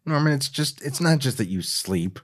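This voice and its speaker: A man voicing a tearful young woman who is guilty and defensive, reading a screenplay aloud in a halting, pleading voice. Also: medium pitch, animated, lightly acted.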